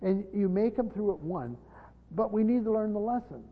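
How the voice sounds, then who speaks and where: A man teaching a Bible study to a group, stressing key words loudly and then dropping to quiet asides. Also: high-pitched, animated, normal speed. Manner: emphatic, swinging between loud stresses and quiet asides. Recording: dull lo-fi sound in a large echoing hall.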